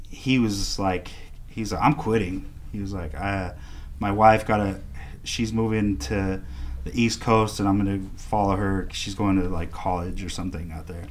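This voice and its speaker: A man with a lowish voice tells a casual story as a podcast guest, with slight background noise behind him. He's an artist and an animated storyteller, acting out the other people's dialogue.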